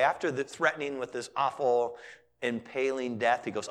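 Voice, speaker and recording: A man, a pastor, preaching a sermon and retelling scripture as lively storytelling, with casual voices for the characters. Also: medium pitch, moderate pace. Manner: animated storytelling, paraphrasing characters in casual modern speech.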